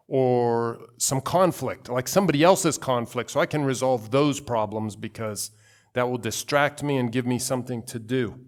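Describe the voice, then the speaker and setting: Man preaching in a chatty, storytelling way. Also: mid-range voice. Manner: conversational, personal storytelling with asides; acts out quoted voices. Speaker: pastor. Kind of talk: sermon.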